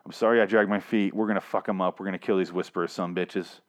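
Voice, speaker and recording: A man voicing an angry rallying leader, profane and rousing, low voice. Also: steady tone, fast talker, lightly acted. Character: furious male leader rallying a town to war.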